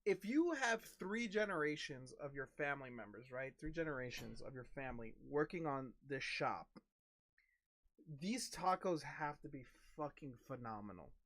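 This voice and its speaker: A man hosting a card-opening livestream, chatting loosely and excitedly and swearing often. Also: mid-range voice, moderate pace, dry recording. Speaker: card-breaking livestream host. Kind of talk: casual stream chat.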